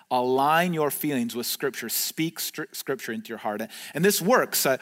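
A man's voice: medium pitch, expressive, normal speed, few pauses, a bit bright, long reverb tail. A man preaching a sermon as pastor, earnest and conversational, with frequent fillers and restarts. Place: church video recorded during the pandemic.

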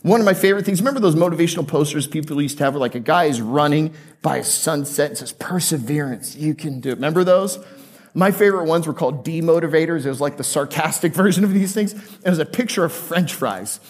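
A man's voice: on the high side, animated, fast talker. A male pastor preaching a conversational sermon to a live congregation, joking and asking them questions.

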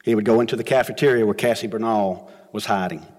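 A man preaching an earnest sermon as pastor, rising to emphatic questions and dropping low, ending with an altar call. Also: fast, darkish tone. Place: church sanctuary. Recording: long hall reverb. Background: music.

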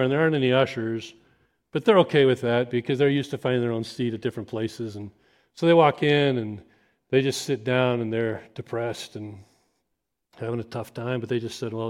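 A man's voice: mid-range voice, darkish tone. A man preaching a sermon, telling an imagined story and acting out the people in it. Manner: storytelling, acting out scenes in quick voices.

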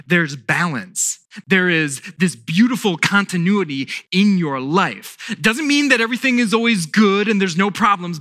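Bright-voiced pastor preaching slowly. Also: male voice, high-pitched, no room sound, studio quality. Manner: emphatic, repeats key words, slow deliberate pauses. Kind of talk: sermon.

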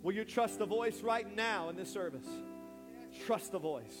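A man preaching an impassioned sermon in church, building to shouts, and calling people forward. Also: high voice, lively intonation, unhurried, long reverb tail, over music. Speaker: pastor. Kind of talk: sermon with altar call. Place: church sanctuary.

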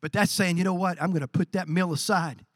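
A man preaching a sermon as pastor, animated, acting out quoted voices and swinging from quiet lines to shouts. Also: high voice, fairly quick, no room sound, studio quality. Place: church.

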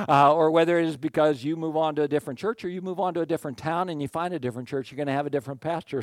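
Male pastor, casual talking sermon, keeps asking "okay?", voice a touch high, dry close sound. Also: no room sound. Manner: conversational, animated, acts out crowd quotes; checks in with "okay?" often.

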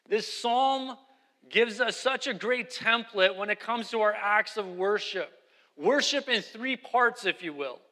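A man's voice: high-pitched, measured pace, sharp tone, big-room sound. A man preaching a sermon as pastor, emphatic and repeating key phrases.

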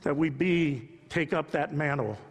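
A man in his sixties preaching a sermon off the cuff, moving from quiet storytelling to impassioned rising appeals. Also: a little high, a little slow, big-room sound. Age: 60s. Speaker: pastor.

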